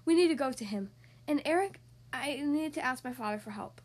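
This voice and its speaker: Storybook mermaid princess, young and eager, high sweet exclaiming delivery, read by a woman. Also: expressive, brisk.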